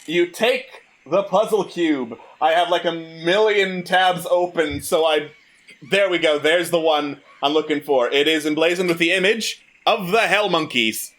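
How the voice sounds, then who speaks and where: Male dungeon master, unhurried, somewhat high voice, dry humor. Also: fairly bright tone. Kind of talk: narrating a tabletop game.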